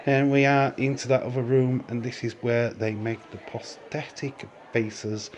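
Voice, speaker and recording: Recorded on a handheld camera mic, a man gives a walking tour of a film studio's outdoor and indoor sets. He speaks at a measured pace in a medium, level voice, rambling casually with fillers, restarts, and frequent chuckles.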